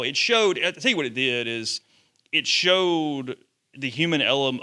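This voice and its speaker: A man, a sports journalist telling lively stories to students. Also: medium pitch. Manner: animated storyteller, acts out quotes. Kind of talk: storytelling talk to students.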